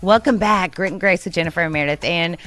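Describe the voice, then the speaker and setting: A woman's voice: on the low side, fast talker, a bit bright, faint music behind. A woman co-hosting a casual radio chat show, bubbly and rambling, laughing often. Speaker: radio co-host.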